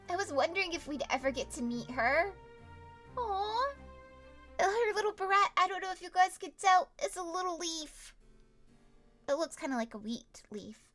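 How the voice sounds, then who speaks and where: Bright, very expressive female streamer reading a story game aloud, big reactions, high voice. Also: unhurried, long pauses, faint music behind. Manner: animated, theatrical reactions.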